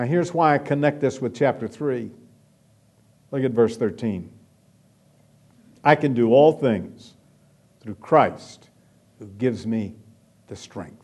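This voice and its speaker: A man preaching a sermon, emphatic, swelling loud and then dropping to a hush. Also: fairly high pitch.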